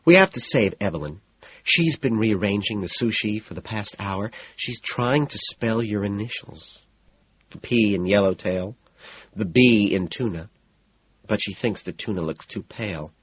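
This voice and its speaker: A man voicing an anxious, well-mannered young woman in an audiobook, soft and hesitant. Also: lowish voice, animated, a little slow, breathy edge, no room sound, full character voice. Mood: hushed. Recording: dull, muffled audiobook recording.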